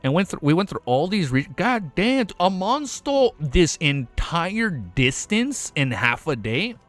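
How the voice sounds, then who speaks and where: Excitable young man, lively swinging pitch. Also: a little slow. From United States. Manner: excitable, swears a lot, laughs often. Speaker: reaction streamer. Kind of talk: casual reaction commentary.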